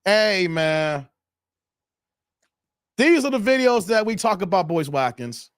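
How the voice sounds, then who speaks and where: A man tells a story to his viewers in a loose, profane rant. His fairly high voice leaps up and down with lively expression. The sound is close and dry, with no room echo. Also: takes it slowly, clean tone. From Chicago, USA. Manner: animated, profane, talks straight to viewers. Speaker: YouTube commentator.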